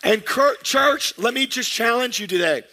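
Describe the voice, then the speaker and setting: A man's voice: very high voice, expressive, normal speed, sharp tone. A man in his thirties, a pastor preaching a sermon with energy and calling out to his congregation.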